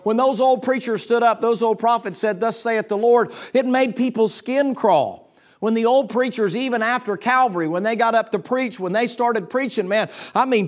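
High-voiced preacher. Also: male voice. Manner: swings from low confiding tones to loud excited preaching, with restarts. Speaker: pastor. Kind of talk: sermon.

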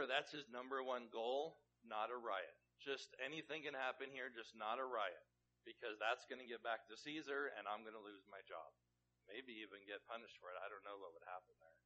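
Man, pastor, conversational sermon, bright voice, rhetorical questions, muffled lo-fi sound. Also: mid-range voice.

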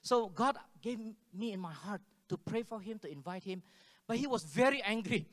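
A man's voice: high-pitched, moderate pace. A man preaching a sermon, telling stories and acting out the dialogue with laughs. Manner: animated, acts out dialogue with laughs. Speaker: pastor. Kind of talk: sermon storytelling. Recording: hall with long reverb.

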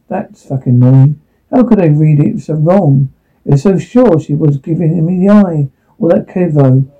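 Guy reading his story out, trips on words, husky fry, sounds like a phone line. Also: fairly high pitch. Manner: halting, stumbles over words.

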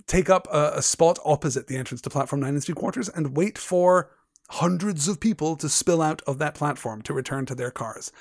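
Male podcast host with a fairly high, dry voice. Thoughtful, emphatic literary commentary. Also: a little mellow, no echo. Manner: reflective, emphatic, analytical. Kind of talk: literary analysis talk.

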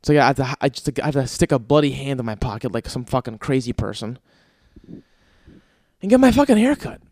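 A man's voice: medium pitch, expressive, moderate pace, a little mellow, no echo, studio quality. A young man hosting his own podcast, telling stories in an exasperated, profane, ranting way with sighs and laughs between bits. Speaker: podcast host. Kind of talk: casual comedic monologue.

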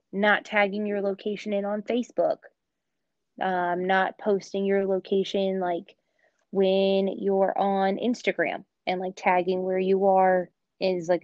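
A woman's voice: mid-range voice, darkish tone, no echo, highs cut off. A woman in casual chat, talking in an opinionated way with lots of fillers. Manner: chatty, opinionated, many "like" fillers.

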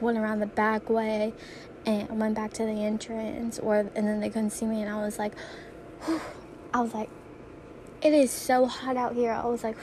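A young woman with a slightly high voice tells rambling stories to her viewers in a casual vlog, breaking into giggles as she goes. A faint hum of room noise sits under her voice. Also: darkish tone. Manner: giggly, rambling, laughs often mid-story. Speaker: vlogger.

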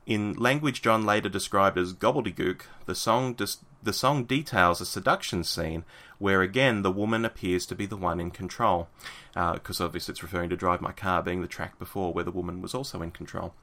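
Low, fairly quick, and pushed bright, this man's voice reads book excerpts aloud as a podcast co-host. He then chats about them casually, filling gaps with fillers and restarting sentences.

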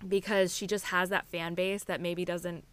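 A woman co-hosting a podcast chats casually and candidly, animated and sprinkling "like" and "I mean" throughout her sentences. Her voice is fairly low, clear and resonant, at a moderate pace.

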